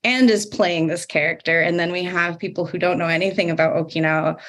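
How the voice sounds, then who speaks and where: Low-voiced woman moderating a podcast panel. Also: steady tone, a little fast, fairly bright tone. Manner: casual, reflective talk with many fillers.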